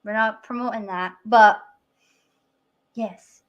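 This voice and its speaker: A woman's voice: mid-range voice, steady tone, dull audio. A woman with an Edinburgh Scottish accent, hosting a casual livestream chat and laughing easily. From Scotland. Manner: giggly, chatty, quick to laugh. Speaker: stream host.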